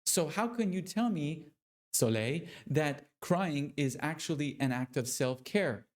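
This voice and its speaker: A man's voice: fairly high pitch, animated, unhurried. A man voicing a doubtful skeptic who questions an idea in an incredulous tone. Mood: skeptical.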